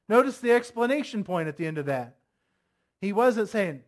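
Male pastor, high voice, preaches conversationally, fires questions at the congregation. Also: sing-song, normal speed. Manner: asks the congregation many questions; reads scripture aloud, voicing commands forcefully. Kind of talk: sermon.

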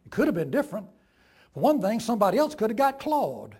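A man's voice: high-pitched, very animated, fast talker, husky, heavily acted. A man doing a fervent, raging old Southern farm woman. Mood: smug gratitude. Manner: fervent, shouting at God in rising fury. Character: proud self-righteous Southern farm woman, older.

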